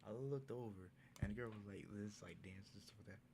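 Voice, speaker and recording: A man's voice: lowish voice, quick pace, creaky, noisy background. A young man casually telling a story in a vlog recap, in a laid-back, slangy way, acting out what people said. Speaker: vlogger.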